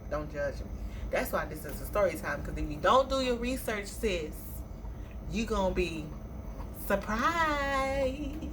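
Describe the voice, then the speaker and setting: A young woman talks straight to her audience in a low-pitched voice, telling a story in a lively, playful way and throwing in friendly asides. Clear background noise sits under her voice throughout. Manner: chatty, animated retelling with playful asides. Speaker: vlogger. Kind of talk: casual storytime.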